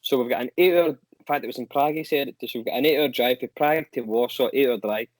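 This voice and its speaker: Animated man telling stories. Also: mid-range voice, fast, no room sound, low-quality recording. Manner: animated anecdotes, swears casually. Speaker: guest musician. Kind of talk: casual storytelling chat.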